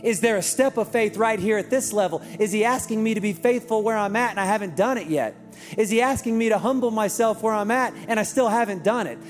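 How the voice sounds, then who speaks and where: A man's voice: sits high, fairly quick. A man preaching a sermon as pastor in a church, telling stories and asking rhetorical questions. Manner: storytelling, rhetorical questions, lively delivery. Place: church auditorium. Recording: reverberant hall with music behind.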